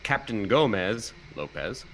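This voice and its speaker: A man's voice: on the low side, big pitch swings, unhurried, over a noisy crowd, rough recording. A man on a podcast reading a movie review aloud, stumbling now and then and laughing at it. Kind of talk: casual chat, reading an article aloud.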